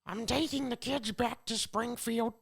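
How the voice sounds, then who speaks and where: A man putting on a sad cartoon housewife, her voice pitched well above a man's. She says a quiet, measured goodbye to her husband in a thin, changed tone. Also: fairly even intonation, vocal fry, breathy edge, full character voice. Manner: sad, measured farewell in a raised voice.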